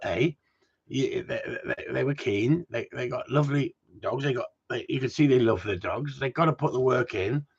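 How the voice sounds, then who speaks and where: A man who trains gundogs, chatting casually and telling stories in an animated way, swearing freely and often restarting his sentences. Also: medium pitch, slightly rough. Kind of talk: casual chat, storytelling. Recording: dull lo-fi recording.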